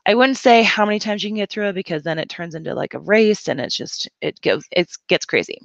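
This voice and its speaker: A woman reading teacher explaining a lesson plan step by step in a relaxed, conversational way. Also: mid-range voice, fairly quick, gravelly, few pauses, no echo, highs cut off. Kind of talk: instructional walkthrough.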